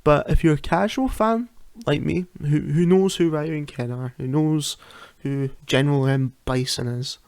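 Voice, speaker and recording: A man's voice: fairly high pitch, unhurried, few pauses, darkish tone, smooth, dry recording. A man hosting a solo podcast from home, chatting casually, often laughing and restarting his sentences. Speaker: podcast host. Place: home at night.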